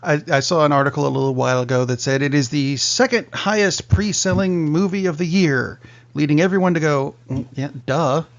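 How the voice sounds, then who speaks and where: A man's voice: a little high, a little fast, highs cut off. A man co-hosting a casual film podcast, making dry, wry asides. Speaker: podcast co-host. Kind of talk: casual movie podcast chat.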